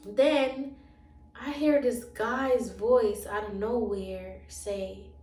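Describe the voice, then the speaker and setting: A woman's voice: mid-range voice, extremely slow. A woman telling a personal story in a casual vlog, acting out the dialogue as she goes. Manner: animated retelling, acting out the dialogue. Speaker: storyteller and relationship coach. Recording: roomy sound, voice from a distance from the mic.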